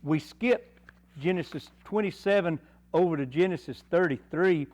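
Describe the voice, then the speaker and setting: A man's voice: on the high side, moderate pace, a little mellow. A man with an East Tennessee accent teaching a Bible lesson at church, earnest and folksy, full of rhetorical questions. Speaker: Sunday school teacher. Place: church classroom.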